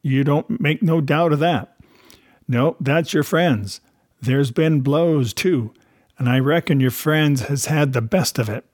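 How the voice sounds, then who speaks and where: A cunning, anxious old castaway sailor from a storybook, voiced by a man reading aloud. He talks in rough, rustic grammar with a sly, insistent edge. The voice is husky and the sound is dry and close. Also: a little high, slow, a little mellow, dry recording. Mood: wheedling. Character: half-wild marooned old male sailor, cunning and anxious.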